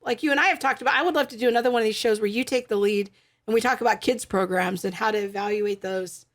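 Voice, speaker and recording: A woman's voice: fairly high pitch, quick pace, a bit bright. A middle-aged woman co-hosting a faith podcast, talking things through in a thoughtful, explanatory way with frequent fillers. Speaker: podcast co-host. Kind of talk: casual faith podcast chat.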